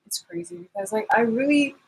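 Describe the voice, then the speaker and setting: A woman with a husky, slightly breathy voice delivers a confrontational vlog rant. She rambles and circles back, cutting herself off mid-sentence. Her tone is sarcastic and blunt, with swearing sprinkled throughout. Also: on the high side, fairly quick, a little mellow, poor audio. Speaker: vlogger.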